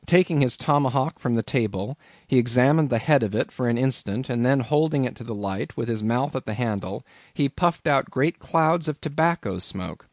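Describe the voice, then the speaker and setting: A male audiobook narrator reading a classic novel in a lively, expressive storytelling voice. His pitch moves a great deal as he reads, at a middling height. The sound is dry and close. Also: moderate pace, hardly any pauses, no echo.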